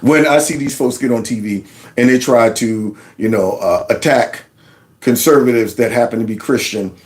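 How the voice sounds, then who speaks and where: A man hosting casual political commentary, talking in an animated, mocking way and laughing often. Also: mid-range voice, moderate pace. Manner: quotes others in a mock voice. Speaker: commentary host.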